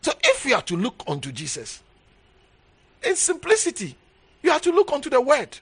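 Speaking at a normal speed with wildly swooping pitch, a bishop delivers an emphatic sermon. He repeats key phrases and shifts from quiet murmurs to loud exhortation.

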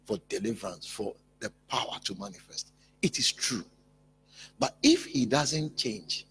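A male pastor preaching a sermon in an emphatic, repetitive way, building up to loud peaks. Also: mid-range voice, creaky, a little hiss or hum.

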